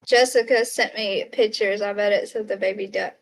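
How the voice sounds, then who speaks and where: A woman's voice: medium pitch, fairly even intonation, moderate pace, slight background noise. A woman hosting a casual livestream, chatting to viewers, reading out their comments and exclaiming at what they send. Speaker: livestream host.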